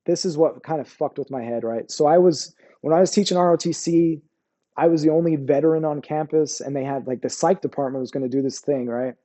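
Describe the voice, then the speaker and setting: A man's voice: a little high, brisk, mellow. A man in his forties, an army veteran guest, telling his story bluntly in casual, profanity-laced talk full of "bro" and "like".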